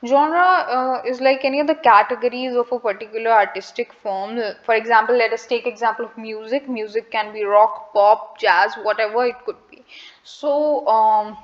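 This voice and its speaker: A young woman with an Indian English accent, patiently teaching pronunciation, repeating each word slowly and dropping in a few Hindi words. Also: on the high side, dull audio. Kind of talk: casual lesson to camera.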